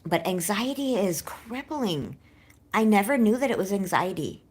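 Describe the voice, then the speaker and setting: A woman's voice: medium pitch, sing-song, moderate pace, husky. A woman chatting candidly on a livestream, rambling and self-doubting, with a slight lisp that comes out when she is nervous.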